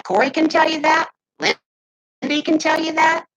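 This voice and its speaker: A woman in her fifties venting heatedly to her camera, swinging between loud outbursts and muttered asides. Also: high-pitched, little pitch movement, normal speed, highs cut off. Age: 50s. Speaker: vlogger. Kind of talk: casual ranting to camera.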